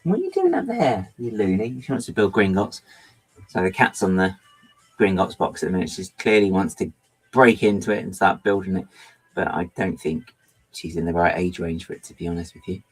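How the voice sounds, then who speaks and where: A man's voice: deep voice, steady tone, fairly quick, slightly rough, faint music behind, rough recording. A middle-aged man chatting casually while he builds with LEGO on a livestream, rambling and often stopping himself to apologise. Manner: rambling, self-interrupting, apologetic.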